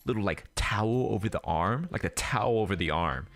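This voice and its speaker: A man's voice: lowish voice, expressive, fairly quick, fairly bright tone. A young man streamer chatting casually, telling a rambling story full of restarts and acted-out quotes. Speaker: streamer host. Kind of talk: casual chat. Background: faint background music.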